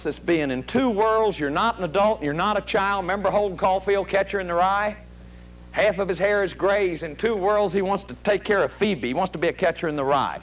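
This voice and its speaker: A man's voice: a little high, slight background noise. A middle-aged man giving a televised psychology lecture to a studio audience, telling stories and acting out quoted voices. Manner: animated, storytelling, acts out quoted voices.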